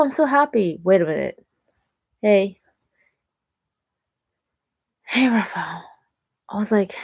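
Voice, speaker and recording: A young woman talks straight to the camera in a casual vlog, chatty and lively, with many fillers. Her voice sits a little low for a woman. The sound is dry and close, with no room echo. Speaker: vlogger.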